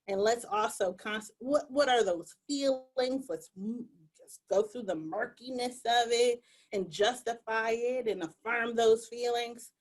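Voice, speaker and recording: A woman's voice: fairly high pitch, a little slow. A woman speaking earnestly and with animation as a panelist in a discussion over a video call. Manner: earnest, animated, acts out quoted voices.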